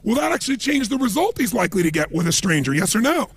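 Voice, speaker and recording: Man as motivational speaker, high husky voice, animated storyteller. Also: fast, no room sound. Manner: animated storytelling with emphatic asides. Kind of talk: motivational seminar talk.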